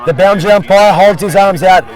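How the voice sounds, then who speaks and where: A man calling an Aussie Rules match as play-by-play commentator, jokey and excitable, working outdoors at the ground. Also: high-pitched, brisk, poor audio. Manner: jokey, excitable, repeats "I'll tell you what". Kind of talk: sports commentary. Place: outdoor sports field. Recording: crowd noise behind outdoor commentary.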